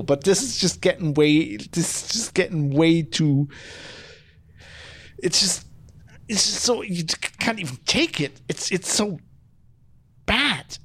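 A man's voice: high-pitched, fairly bright tone. A man hosting a podcast who reads out chat comments and rants casually, with a rambling, profane manner and many restarts and fillers. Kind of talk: casual opinion rant.

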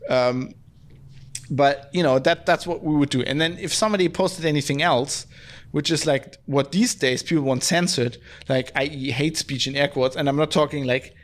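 A man's voice: a little high, moderate pace. Guy on a podcast, rambly and sweary, lots of "like"s. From Germany. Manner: rambling, profane, heavy use of "like". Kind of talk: casual chat.

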